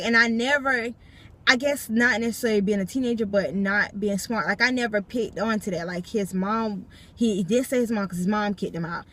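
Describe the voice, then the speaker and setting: A young adult woman vlogger recounting a personal story from a parked car, talking emphatically and turning to her viewers again and again. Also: mid-range voice. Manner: emphatic, keeps addressing viewers directly. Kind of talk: storytime vlog.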